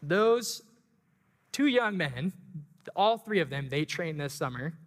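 A man preaching a sermon, telling a story with emotion and rising excitement, then leading communion and prayer. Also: fairly high pitch, slow pace. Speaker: pastor and school track coach. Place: church sanctuary. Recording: long hall reverb.

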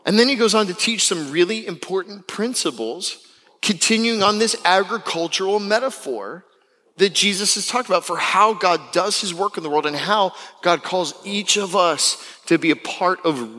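A young man from Florida preaching a sermon as pastor, animated and acting out the people he quotes. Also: moderate pace, big-room sound. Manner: animated, acts out quotes with big pitch jumps. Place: church sanctuary.

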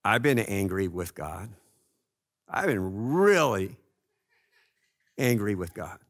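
Male pastor, sermon, slow delivery, lively pitch, loud and hushed turns. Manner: slow, earnest preaching with swings between loud and hushed.

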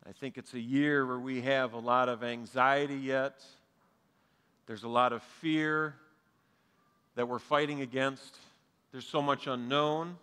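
A man's voice: mid-range voice, steady tone, a little slow, pushed and bright, clean tone. A man, preaching a sermon as pastor to a live and online congregation, earnest and conversational with touches of humor. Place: church sanctuary, live and streamed. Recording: long hall reverb.

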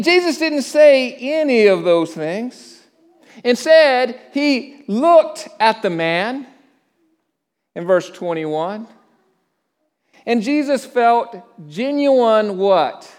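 A middle-aged pastor preaching a sermon, conversational, with frequent stammered restarts and questions to the congregation. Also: male voice, very high-pitched, big pitch swings. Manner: asks the congregation questions and pauses for answers.

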